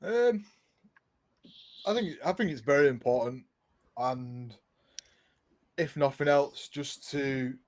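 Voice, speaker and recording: A man's voice: mid-range voice, slow pace, long pauses, darkish tone. A man, a guest on a talk show, chatting in an easygoing way and laughing along. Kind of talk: casual chat.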